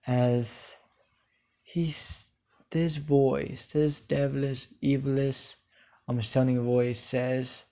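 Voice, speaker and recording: A man narrating an improvised fan story, halting and full of hesitations. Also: medium pitch, little pitch movement, a little mellow.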